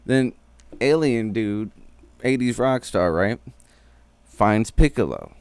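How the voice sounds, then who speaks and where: A man with a deep, low voice talks loosely through an episode recap, swearing and riffing as he goes. The sound is close and dry, with almost no room around it. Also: lively intonation, slow, a little mellow, smooth, no echo. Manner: slangy, profane, rambling. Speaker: streamer.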